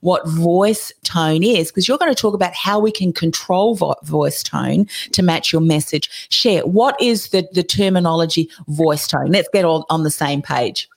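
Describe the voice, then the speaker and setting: A woman hosting a podcast interview with a fairly low voice. She asks questions in a conversational way and keeps the talk moving. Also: unhurried, vocal fry, hardly any pauses. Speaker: podcast host.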